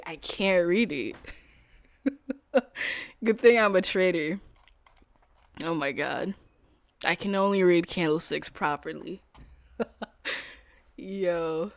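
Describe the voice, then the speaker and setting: Young woman day trader chatting on stream, kinda low voice, slangy, laughs a lot. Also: takes it slowly, pauses often, no room sound. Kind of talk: casual live-stream chat and explanation.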